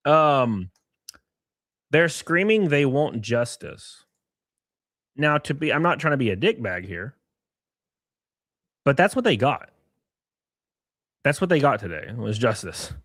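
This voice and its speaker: Male streamer, 30s, casual and profane, animated pitch, dead-dry recording. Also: slow, pauses often, no room sound. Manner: blunt, profane, talks straight to chat. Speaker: live-stream host. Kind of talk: casual reaction commentary.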